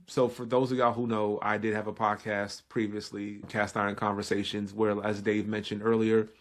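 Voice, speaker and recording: A man from Brooklyn with a New York accent, talking fast and energetically as a guest chef on a casual podcast. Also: lowish voice.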